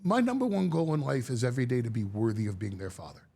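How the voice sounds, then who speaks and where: A middle-aged man telling stories in a sit-down interview, animated and prone to repeating words, acting out the voices of the people he quotes. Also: medium pitch, fast, creaky, husky. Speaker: guest.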